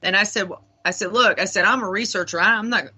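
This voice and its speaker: A woman, a paranormal investigator, telling a rambling, animated story on a talk radio show with lots of fillers. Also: mid-range voice, quick pace, husky.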